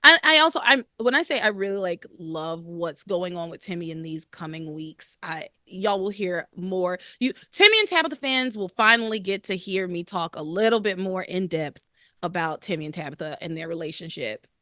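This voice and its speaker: A woman hosts a casual podcast, her voice swinging widely in pitch as she acts out bits of the story. Her tone is bright and crisp, recorded dry with no room sound. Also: normal speed, dry recording. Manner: animated, laughs often, acts out characters' lines. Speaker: podcast host. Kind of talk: casual recap chat.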